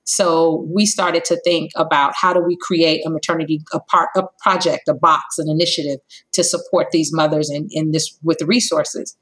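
Woman, 30s, podcast guest, storytelling, lowish voice, acts out dialogue. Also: normal speed, low-quality recording. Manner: animated storyteller, acts out dialogue with big pitch jumps. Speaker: company co-founder, guest.

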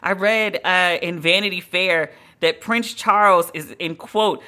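A woman's voice: lowish voice, a little slow, hardly any pauses, sharp tone. A woman hosting a solo podcast, talking in a blunt, emphatic, conversational way and drawing out the words she stresses. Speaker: podcast host.

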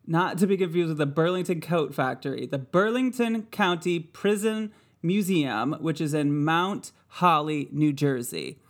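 A woman hosting a casual podcast chat. She speaks at an easy, unhurried pace and keeps a playful tone, breaking into laughter and rambling asides. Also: sits low. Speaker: podcast host.

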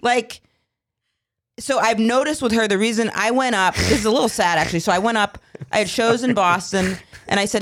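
A woman's voice: medium pitch, a little fast. A woman hosting a podcast, chatting casually and telling personal stories with playful impressions. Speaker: podcast host.

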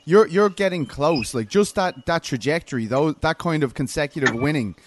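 A man's voice: fairly high pitch, lively intonation, moderate pace, background noise. A man interviewing a fighter, asking hesitant questions full of fillers.

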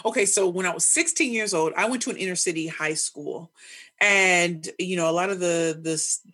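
A woman's voice: lowish voice, normal speed, pushed and bright, breathy edge, no room sound. A woman in her forties from St. Louis, a speaking coach talking confidently and energetically as a podcast guest. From St. Louis, USA. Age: 40s. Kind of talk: podcast interview.

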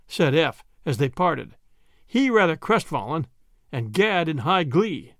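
A man reading a story aloud as narrator, with lively storytelling. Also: fairly high pitch, unhurried, no room sound, clean studio sound. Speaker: audiobook reader. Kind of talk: scripted narration.

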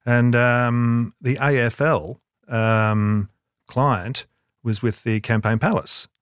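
An older man spins a rambling, self-deprecating story, stopping and restarting as he goes. His voice sits at an ordinary middle pitch. The sound is dry and close, with no room around it. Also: steady tone, slow, clean tone, no room sound. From Australia. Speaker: guest, advertising creative. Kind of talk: casual anecdote telling.

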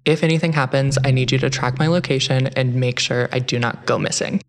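A young man telling his own true story in the first person, in an earnest, measured way. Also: mid-range voice, steady tone. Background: music.

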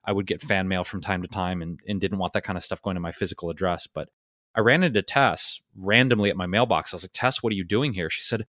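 Podcast co-host, man, lowish voice, dry close sound, loose storyteller. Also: quick pace, no room sound. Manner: relaxed, rambling, many fillers. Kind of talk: casual storytelling.

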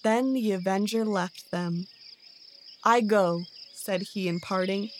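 A woman reading a storybook tale aloud in a measured, gentle way. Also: mid-range voice, steady tone, a little hiss or hum. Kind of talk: scripted storybook narration.

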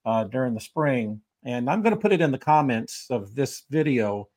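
A man's voice: medium pitch, expressive, normal speed, a little mellow, no echo. A man co-hosting a sports talk show, chatting casually and laughing often as he asks the guest questions. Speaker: co-host. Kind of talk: casual interview chat.

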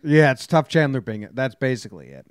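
A man's voice: medium pitch, big pitch swings, brisk, clear, resonant tone, no room sound, clean studio sound. A man hosting a casual sports podcast, talking bluntly and grumpily, with some swearing. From New Jersey. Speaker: podcast host.

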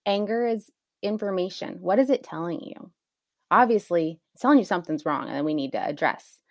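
A woman in her thirties talks as a podcast co-host, explaining her points in a relaxed, conversational way. Her voice is on the low side and she laughs easily. The recording is close and dry. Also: fairly quick, no echo. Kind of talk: casual conversational chat.

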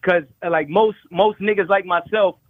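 A man's voice: sits high, fairly even intonation, normal speed, no echo. Eager male caller on a tinny phone line. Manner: stammering, eager joke-telling. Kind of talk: phone-in roast jokes.

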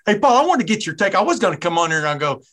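A man's voice: high voice, big pitch swings, rapid-fire, a bit bright. A middle-aged man with a Southern US accent hosting a podcast, chatty and rambling, often breaking off mid-thought. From American South. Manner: rambling, chatty, self-interrupting. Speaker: podcast host. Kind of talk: casual podcast interview.

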